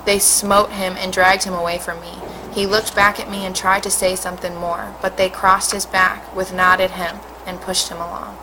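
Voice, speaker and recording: A woman, a teacher, reading a storybook aloud in a steady, expressive way. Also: medium pitch, moderate pace, hardly any pauses, background noise.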